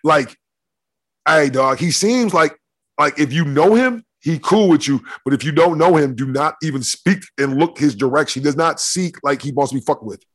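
A man's voice: on the high side, animated, normal speed, breathy edge. A man co-hosting a casual podcast, talking in profane, slang-heavy street banter. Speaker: co-host.

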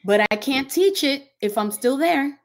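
A woman's voice: sits high, expressive, unhurried, faint music behind. A woman pastor speaking earnestly in a faith conversation, with a preaching cadence and repeated phrases.

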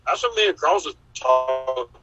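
A man's voice: mid-range voice, animated, normal speed, dull audio, over music. A man on a podcast call, casually telling rambling anecdotes and acting out the people he quotes. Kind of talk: casual chat, storytelling.

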